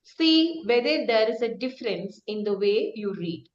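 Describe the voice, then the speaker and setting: A woman's voice: on the high side, animated, normal speed, roomy sound, dull audio. A woman coaching a group on public speaking, asking them questions and acting out example sentences with changing emphasis. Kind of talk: interactive online teaching session.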